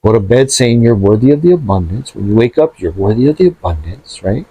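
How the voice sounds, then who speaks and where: Husky man in lively casual chat. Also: on the low side, brisk, highs cut off. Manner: animated, profane, says bro and dude a lot.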